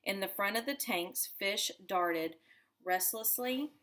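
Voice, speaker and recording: A woman teacher reading a children's novel aloud to her class in a deliberate storytelling manner. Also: medium pitch, animated, a bit bright. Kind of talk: children's book read-aloud.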